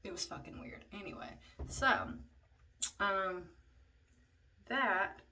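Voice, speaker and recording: A woman's voice: medium pitch, slow pace, sharp tone. A young woman telling a casual storytime, chatty and profane, dropping into whispers for asides. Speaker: vlogger. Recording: slightly distant mic, faint noise.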